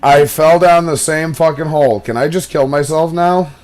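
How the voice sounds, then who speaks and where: A young man casually chatting while playing a game, telling stories in an animated, profane way. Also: on the high side, normal speed. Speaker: gaming commentator. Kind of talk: casual gaming chat.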